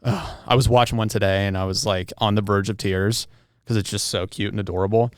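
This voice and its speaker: A young man co-hosting a podcast, chatting in a relaxed, rambling way with lots of ums and restarts. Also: on the low side, a little fast, clear, resonant tone, no room sound, clean studio sound. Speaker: podcast co-host. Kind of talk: casual chat.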